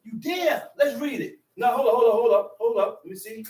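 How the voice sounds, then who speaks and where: A high-voiced man preaching with fire, rising into shouts and circling back on the same phrases. His voice rings around an echoey room. He sounds set back from the mic. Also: a little fast, recorded from a distance. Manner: shouts emphasis, repeats phrases, call-and-response. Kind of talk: fiery sermon teaching.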